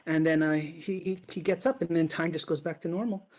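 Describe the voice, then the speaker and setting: A man co-hosting a casual podcast chat, telling a personal story in an animated way and acting out the other people's lines. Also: a little high, fairly quick. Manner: animated storyteller, acts out quoted voices. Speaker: podcast co-host.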